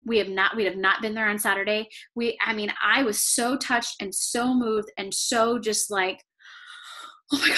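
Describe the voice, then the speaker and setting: Bright, emphatic woman team leader. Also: on the high side. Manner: energetic, emphatic, repeats phrases for effect. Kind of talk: motivational team talk.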